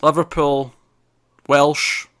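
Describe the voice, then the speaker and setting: A man's voice: fairly high pitch, little pitch movement, extremely slow, fairly bright tone, dry recording, studio quality. A young man, co-hosting a casual TV review chat, joking and blunt. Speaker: podcast co-host.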